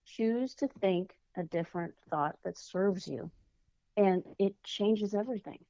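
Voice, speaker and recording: A woman guest on a podcast, a children's author and life coach, telling stories in lively, casual chat and acting out the quotes. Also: medium pitch, unhurried, dry recording, dull audio. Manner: animated storyteller, acts out quotes.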